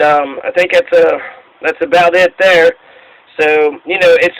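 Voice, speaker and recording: A man's voice: high-pitched, bright, forceful tone, rough recording. A man ranting angrily about politics and the news, swearing freely and taking a sarcastic tone. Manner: angry, profane, sarcastic. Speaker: political commentator. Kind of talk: profane ranting monologue.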